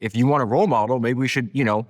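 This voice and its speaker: A man's voice: mid-range voice, rapid-fire. A man hosting a podcast, telling a story in a casual, emphatic way with plenty of fillers. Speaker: podcast host. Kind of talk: casual conversation.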